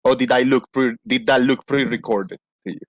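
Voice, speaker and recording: A man hosting a casual livestream, rambling playfully and reading out shout-outs to viewers. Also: medium pitch, fairly even intonation, brisk, dry recording, studio quality. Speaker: livestream host. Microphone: desk microphone.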